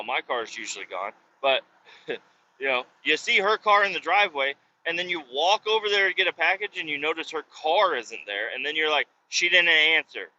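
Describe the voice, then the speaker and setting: A podcast host with a high, sharp-toned voice tells a meandering story packed with swearing, clearly exasperated, as he drives. It's a casual rant captured in dull lo-fi audio, faint road noise audible.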